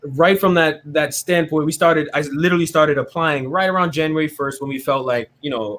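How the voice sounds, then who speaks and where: A man with a slightly high voice tells his faith testimony as an interview guest. He is casual and animated, and he often checks in with "right?" He also voices the people in his story as he goes. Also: a little fast, hardly any pauses, slight background noise. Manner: animated, often tags "right?", acts out other people's words.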